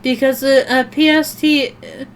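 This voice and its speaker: Woman, streamer, casual gaming chat, rambling, swears a lot, fairly high pitch. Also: little pitch movement, unhurried, slight background noise.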